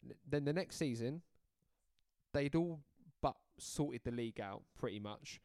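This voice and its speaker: A man co-hosting a podcast, talking football in a relaxed, teasing way. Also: medium pitch, measured pace, no room sound. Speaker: podcast co-host. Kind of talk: casual football chat.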